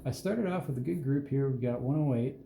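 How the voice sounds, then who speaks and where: Dark-voiced man at his reloading bench. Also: medium pitch, gravelly, a little hiss or hum. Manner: unhurried, plain-spoken, self-deprecating asides. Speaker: host showing his hand loads. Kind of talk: casual hands-on explanation. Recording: roomy echo with faint ambience.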